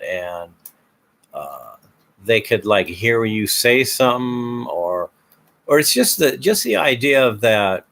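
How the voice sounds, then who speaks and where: Casual male host, rambly, restarts a lot, mid-pitched voice. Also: a bit bright. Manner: hesitant, many fillers and restarts. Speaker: video host.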